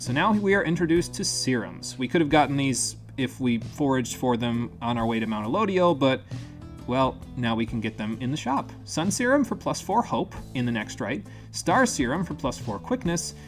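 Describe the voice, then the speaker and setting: Male game streamer, casual think-aloud commentary, lively pitch, faint music underneath. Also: moderate pace. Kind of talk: live gameplay commentary.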